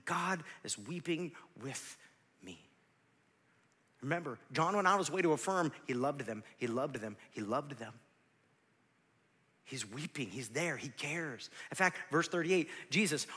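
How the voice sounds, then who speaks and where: A man in his forties preaching a sermon, swinging from loud shouts to near whispers, with joking asides to the congregation. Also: fairly high pitch, slightly rough, in a large hall. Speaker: pastor.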